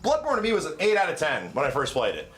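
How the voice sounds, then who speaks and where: A man hosting a stream, swearing and telling an animated, excitable story in casual chat. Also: a little high, quick pace. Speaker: streamer host.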